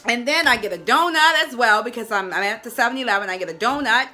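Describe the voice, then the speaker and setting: A middle-aged woman, a health coach, telling a personal story to her listeners in an expressive, chatty way and calling them "y'all". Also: fairly high pitch, fast talker, soft background music.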